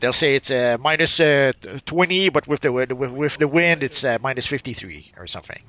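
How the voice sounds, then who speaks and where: A man co-hosting a game stream, chatting casually and hesitantly with many pauses and restarts. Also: medium pitch, expressive, bright, forceful tone, a little hiss or hum. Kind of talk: casual chat while gaming.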